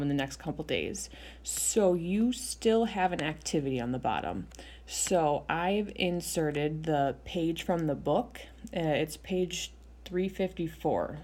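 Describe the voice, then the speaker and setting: Patient woman teacher, low mellow voice. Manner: patient step-by-step explaining with frequent ums. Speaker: Spanish teacher. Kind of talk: recorded video lesson.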